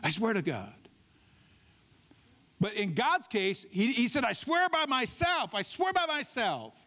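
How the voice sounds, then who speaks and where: A man's voice: very high-pitched, sing-song, a little slow, bright, forceful tone. A male pastor preaching a sermon in church, driving his points home with repeated rhetorical questions. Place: church sanctuary.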